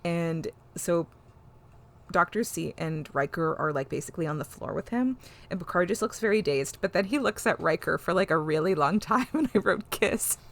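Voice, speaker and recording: A woman hosting a podcast, retelling a TV episode in a casual, animated way and swearing freely. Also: on the low side, moderate pace. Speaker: podcast host. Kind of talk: casual chat recapping an episode.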